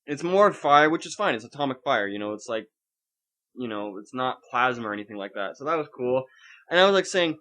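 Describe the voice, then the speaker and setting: A man's voice: mid-range voice, animated, brisk, fairly bright tone. A young man co-hosting a podcast in casual chat, ranting and swearing with sarcasm. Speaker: podcast co-host.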